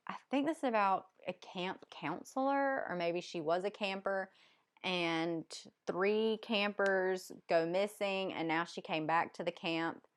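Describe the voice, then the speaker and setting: A woman's voice: medium pitch, clear, resonant tone. A woman with a Southern US accent chatting casually as a book vlogger, rambling and hesitant with many ums. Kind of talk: casual chat.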